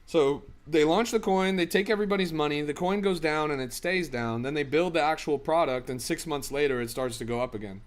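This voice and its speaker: A man's voice: fairly high pitch, a little fast, few pauses. A young man streaming about crypto, reading viewer comments in a casual chat and ranting in exasperation with lots of swearing.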